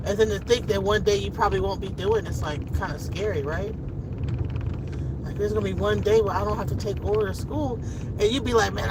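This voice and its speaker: Chatty woman vlogging from a car. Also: mid-range voice. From Detroit. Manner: rambling, chatty, heartfelt. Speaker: vlogger and mother. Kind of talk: casual chat to camera. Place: inside a car on a school run. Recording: car road noise behind.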